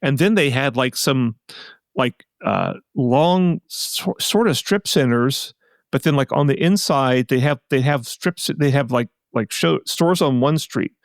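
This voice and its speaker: A man's voice: medium pitch, unhurried, gravelly, dry recording, clean studio sound. A man co-hosting a podcast, chatting casually and rambling with many restarts and asides. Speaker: podcast co-host. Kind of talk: casual chat.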